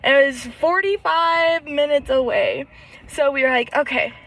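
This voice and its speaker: A woman's voice: sits high, moderate pace, a bit bright, poor audio. A young woman co-hosting a casual podcast chat, telling a story with lots of laughter and acted-out quotes. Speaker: podcast co-host.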